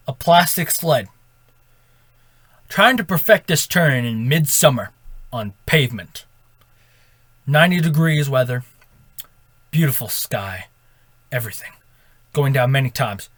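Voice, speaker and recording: A man with a fairly high voice tells a casual story to his audience. He rambles and corrects himself, dropping "right?" after his points. The sound is dry and close. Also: fairly bright tone, dry recording. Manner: rambling, with self-corrections and "right?" tag questions. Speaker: storytime vlogger.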